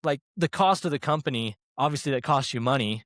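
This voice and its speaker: A young adult man, a former restaurant training director, tells workplace stories in a casual, animated way, acting out quoted dialogue and leaning on fillers like "like" and "right?". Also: medium pitch, a little fast, no echo, clean studio sound. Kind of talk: casual conversational storytelling.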